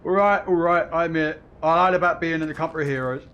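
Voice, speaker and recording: A man's voice: fairly high pitch, fairly even intonation, fast talker, highs cut off, lightly acted. A man reading game lines aloud, voicing a panicky male sellsword who begs for mercy in a put-on Scottish accent. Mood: pleading. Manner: whining, begging, rambling.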